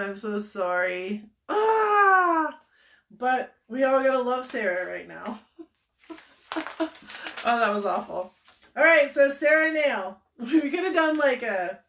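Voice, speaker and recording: A woman chats as host of a casual stream, bubbly and quick to laugh as she rambles through stories. Her voice sits fairly high, and the room around her rings with echo. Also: a bit bright. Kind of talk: casual livestream chat. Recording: echoey room.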